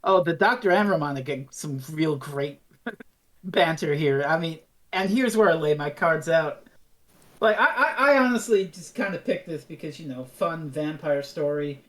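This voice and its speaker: A woman's voice: low voice, lively intonation, moderate pace. A woman co-hosting a review podcast in casual chat, playful and acting out quoted lines. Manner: playful, acts out quoted characters. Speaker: podcast co-host.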